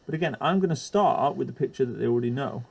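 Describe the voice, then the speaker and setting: A man's voice: mid-range voice, expressive, fast, gravelly. A man explaining a chemistry lesson for teachers while drawing, hesitant with frequent ums and uhs and the odd self-deprecating aside.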